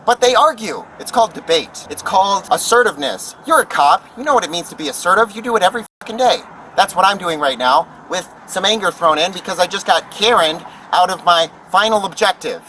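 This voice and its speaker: A man's voice: sits high, animated, a little fast, few pauses, bright, forceful tone, far from the mic, a little hiss or hum, rough recording. A man in an angry, profane street argument with police, ranting outdoors in a parking lot. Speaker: homeless activist confronting police.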